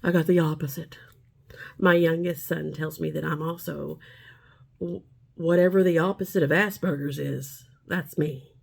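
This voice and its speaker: A woman's voice: low-pitched, fairly even intonation, normal speed, creaky. A woman in her forties talking straight to camera in a casual vlog, chatty and rambling, upbeat and a bit preachy. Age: 40s. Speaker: vlogger.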